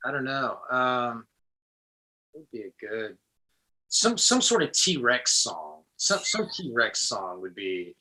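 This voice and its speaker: A man's voice: mid-range voice, big pitch swings, slow, sharp tone. A man guest musician chatting casually in an interview, rambling with lots of restarts and fillers.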